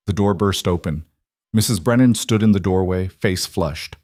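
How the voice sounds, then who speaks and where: Low-voiced male story narrator. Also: normal speed, darkish tone, dry recording, clean studio sound.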